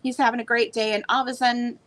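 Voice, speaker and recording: A woman's voice: on the high side, level tone, quick pace, fairly bright tone, rough recording. A woman selling old books on a live stream, talking in a chatty, rambling way. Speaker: online book seller. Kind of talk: casual live sale chat.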